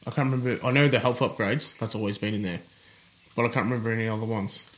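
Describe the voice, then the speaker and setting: A man's voice: fairly low pitch, fairly even intonation, fairly bright tone. Man, podcast co-host, chatty and teasing. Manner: chatty, teasing, quick to laugh. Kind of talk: casual chat.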